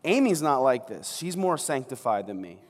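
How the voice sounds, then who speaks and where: Jokey pastor preaching in a reverberant hall. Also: male voice, mid-range voice, very animated, normal speed. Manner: jokey and conversational, acting out scenes. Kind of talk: sermon. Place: large church hall. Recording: long reverb of a large hall.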